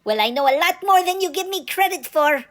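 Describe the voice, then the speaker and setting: A man's voice: very high-pitched, expressive, brisk, fairly bright tone, voice pushed up. A man voicing a sassy, wisecracking male Pomeranian dog who complains bluntly in a comic sketch.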